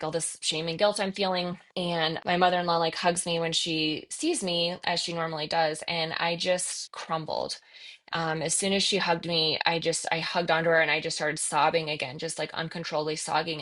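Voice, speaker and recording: A woman's voice: lowish voice, fairly bright tone. A middle-aged woman hosting a podcast, telling a personal story in an earnest, confessional way, with lots of "like" and "right?" fillers. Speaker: podcast host.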